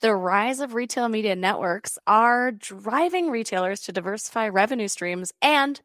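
A woman co-hosting a podcast, playful and lively, reading out industry points. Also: medium pitch, moderate pace, dry recording, clean studio sound. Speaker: podcast co-host. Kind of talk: scripted casual podcast banter.

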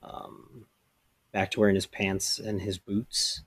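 Low, flat-voiced man narrating a game. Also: takes it slowly, dry recording, studio quality. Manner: loose, descriptive narration with fillers. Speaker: game master.

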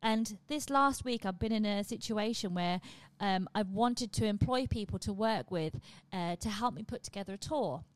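A woman's voice: medium pitch, normal speed, few pauses, dry recording. A woman comedian talking to camera from her home, chatty and blunt and swearing freely. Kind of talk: casual monologue to camera.

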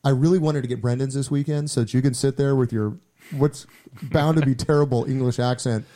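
A man co-hosting a beer podcast, trading teasing banter and laughing easily. His voice has a mellow, relaxed tone. He talks casually, at an everyday pace. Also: mid-range voice, brisk. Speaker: podcast co-host. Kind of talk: casual chat.

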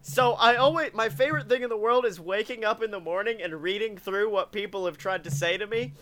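Bright-voiced man joking around. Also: sits high, fairly quick. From Alabama, USA. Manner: laughs often, profane, joking. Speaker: podcast host. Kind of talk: casual comedic chat.

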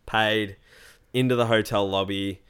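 Low-voiced man telling a rambling story. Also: steady tone, measured pace, fairly bright tone, smooth. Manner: rambling, self-mocking storytelling. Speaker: podcast co-host. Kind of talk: casual chat.

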